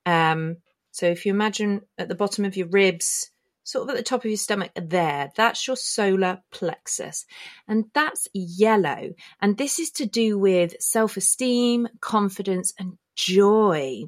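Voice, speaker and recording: A woman hosts her own podcast, explaining a spiritual topic in a chatty, wandering style and correcting herself along the way. Her medium-pitched voice is animated but measured in pace, and she's filmed while talking, with the microphone pointed at her body, in a casual spoken explainer.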